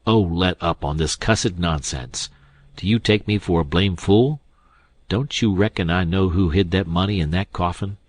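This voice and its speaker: A man voicing a middle-aged male con man who scolds his partner loudly and sarcastically. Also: low voice, normal speed, no echo. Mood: angry.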